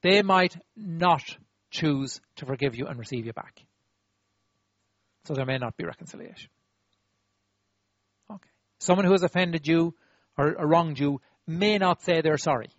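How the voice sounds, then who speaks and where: High-voiced animated preacher, dry sound. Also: male voice, normal speed, pauses often, dry recording, muffled recording. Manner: animated, demonstrative, acts out apologies, asks the audience to repeat. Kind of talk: sermon.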